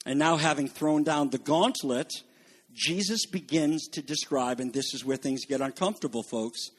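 High-voiced fervent preaching man. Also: moderate pace, breathy edge. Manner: emphatic, rising to fervent peaks; addresses congregation as folks. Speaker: pastor. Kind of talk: sermon.

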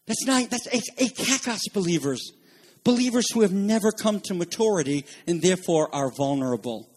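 A man preaching an expository sermon as pastor, stammering and restarting at times and climbing to emphatic shouts. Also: high voice, animated, a little fast. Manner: rises to emphatic shouting, then drops back to teaching; frequent restarts and filler stammers.

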